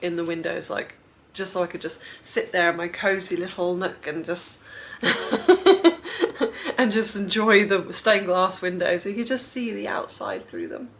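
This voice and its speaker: Young female gaming vlogger, lower-pitched, chatty, rambling commentary with giggles. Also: creaky, a bit bright. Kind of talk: casual gameplay commentary.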